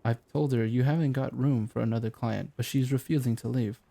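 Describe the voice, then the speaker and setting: A man's voice: mid-range voice, fairly even intonation, a little fast, vocal fry, warm tone. A man voicing a young female office assistant in an audiobook, speaking earnestly and apologetically. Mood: apologetic. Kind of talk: audiobook character voice.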